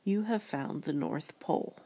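A woman voicing a solemn young boy who speaks with quiet importance to his friend. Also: deep voice, unhurried. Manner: solemn, calling out.

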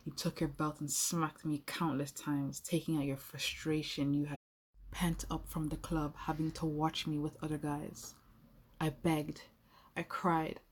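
A woman's voice: low-pitched, a little mellow, breathy edge. A young adult woman telling an intimate first-person role-play story, playful and speaking straight to the listener.

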